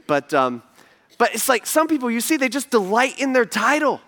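Bright-voiced male pastor preaching. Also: very high voice, moderate pace. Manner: animated storytelling with asides to the congregation. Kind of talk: sermon. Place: church stage before a congregation.

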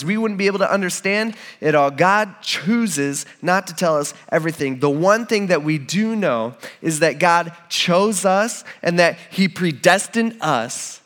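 Male preacher, slightly high voice, informal and conversational, restarts his sentences, acts out the quotes. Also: fairly bright tone. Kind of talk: sermon.

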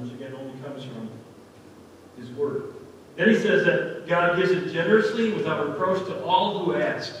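Male pastor, fairly high voice, chatty and earnest, recorded from a distance in a church with a long echo. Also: a little hiss or hum. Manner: earnest, conversational, digressive. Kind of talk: sermon. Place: church sanctuary. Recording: echoey hall from far off.

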